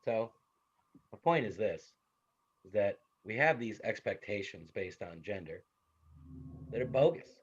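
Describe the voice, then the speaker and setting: A man in his thirties or forties giving a classroom psychology lecture, animated and conversational, with stories from home. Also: fairly low pitch, measured pace, long pauses, slightly rough, dull audio. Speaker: psychology instructor.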